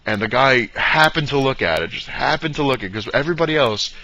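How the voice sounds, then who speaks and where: A man's voice: mid-range voice, animated, quick pace, sharp tone, dry recording. A man telling a long personal story in a casual, rambling way, full of fillers, slipping into short impressions of the people in it. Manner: rambling, fillers, mimics dad in quotes. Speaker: vlogger. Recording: dull lo-fi sound with faint noise.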